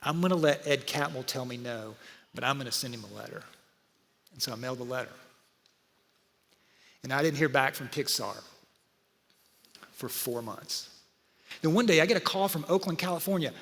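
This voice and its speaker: A man, preaching a sermon full of stories and speaking straight to his congregation in a lively, conversational way. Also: medium pitch, moderate pace, pauses often. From Georgia, USA. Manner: animated, conversational, talks to the audience. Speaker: pastor. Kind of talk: sermon with storytelling. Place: church auditorium. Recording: live church hall with long reverb.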